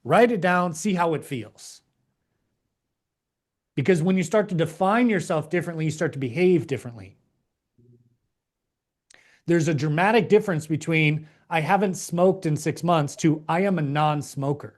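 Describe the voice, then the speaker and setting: A man's voice: on the high side, normal speed, pauses often. A man teaching a live online class, emphatic and preachy, acting out the inner voices of doubt. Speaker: course instructor.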